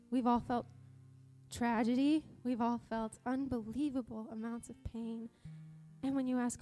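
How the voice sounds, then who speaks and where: A woman's voice: a little high, steady tone, a little slow, dark tone, faint music behind. A woman from Montana preaching a sermon in a church service, earnest and conversational, often restarting her sentences. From Montana, USA. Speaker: pastor.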